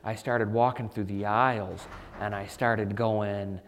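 A man's voice: on the low side, unhurried, a little hiss or hum. Storytelling male author, reverberant hall. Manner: animated anecdotes, frequent "you know" fillers. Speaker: author guest. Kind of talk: conversational storytelling.

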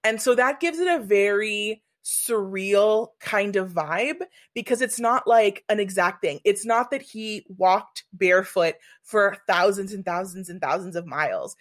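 A woman's voice: medium pitch, a little slow, hardly any pauses. A woman chatting casually about films, enthusiastic and rambling, swearing freely as she goes. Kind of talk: casual chat.

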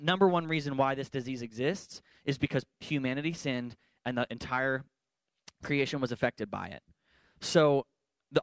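A man's voice: mid-range voice, dry recording, clean studio sound. A man, a pastor, giving an earnest and emphatic sermon-style talk in a church worship center, with playful asides.

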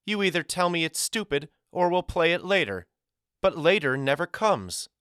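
A man voicing a shrill, stubborn young girl. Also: lively intonation, normal speed, sharp tone, no echo, studio quality. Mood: indignant.

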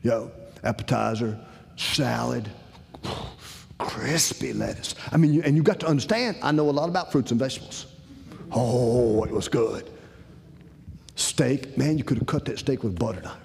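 A man's voice: medium pitch, moderate pace, gravelly, pauses often, darkish tone, long reverb tail, slight background noise. A man telling a personal story to an audience in a folksy, conversational way. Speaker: speaker.

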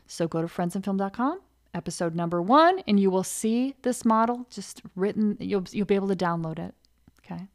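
Woman coaching in a lively podcast. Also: medium pitch, fairly quick. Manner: animated, acts out inner thoughts in quoted voices. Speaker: podcast host and career coach. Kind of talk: casual coaching talk.

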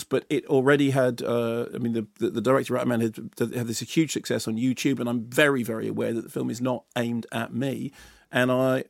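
A man's voice: medium pitch, gravelly, no echo, clean studio sound. A man from the UK, a film critic co-hosting a radio show, talking in a rambling, opinionated way with many restarts. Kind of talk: casual radio chat.

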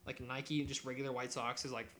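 A young man on a podcast, telling a story in casual chat, animated and swearing often while he acts out what others said. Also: medium pitch, brisk, slight background noise. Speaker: podcast co-host.

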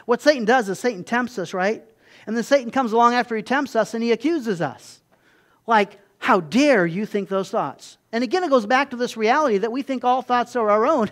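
A preacher delivering a sermon in an animated way, moving between loud emphatic bursts and quiet low asides, often repeating words and restarting phrases.

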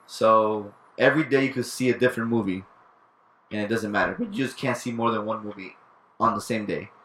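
A man hosting a casual podcast, leading the topic in a relaxed way and swearing now and then. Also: on the low side, a little fast, reverberant. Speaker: podcast host. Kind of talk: casual chat.

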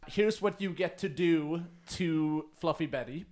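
Higher-pitched man, chatty tabletop game master. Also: a little slow, a little mellow. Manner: chatty, laughs, lots of fillers.

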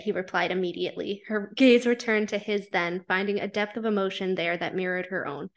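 A woman's voice: medium pitch, steady tone, a little fast, hardly any pauses. A woman podcast co-host who reads fanfiction aloud, then chats casually, swearing freely and laughing as she reacts.

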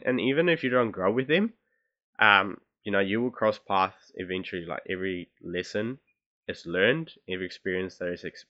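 A man's voice: sits low, bright, forceful tone. A young man, hosting a casual solo podcast and rambling through his thoughts with many fillers and restarts. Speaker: podcast host. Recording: dull lo-fi recording.

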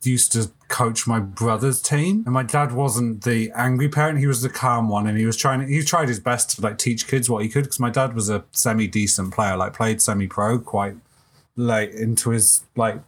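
A man from the UK co-hosting a podcast, telling a story with lively acted-out quotes. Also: medium pitch, moderate pace. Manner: animated storyteller, acts out quotes. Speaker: podcast co-host. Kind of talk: casual chat.

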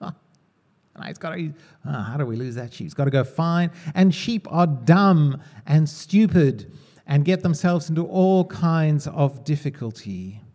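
Male preacher, high voice, conversational, quizzes the room. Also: animated, measured pace, a little mellow. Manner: conversational, asks the congregation questions. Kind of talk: sermon.

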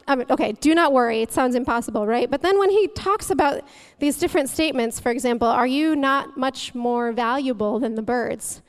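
A young woman giving a conversational sermon as a guest speaker, chatty and humorous, often breaking into laughter. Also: high voice.

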